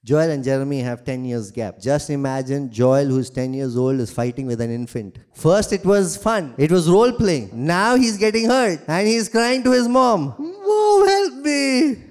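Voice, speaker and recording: A man preaching with a fairly high voice, hammering home his points by repeating short phrases in rising waves. He delivers a sermon as pastor, breaking the intensity now and then with playful asides. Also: animated, normal speed, few pauses, smooth. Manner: jokes and laughs with the congregation.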